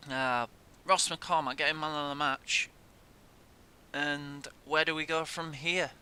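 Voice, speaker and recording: A man's voice: fairly even intonation, slow, pushed and bright, smooth. A young man giving casual gameplay commentary, swearing in frustration at the game. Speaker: gaming YouTuber. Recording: faint noise and low rumble.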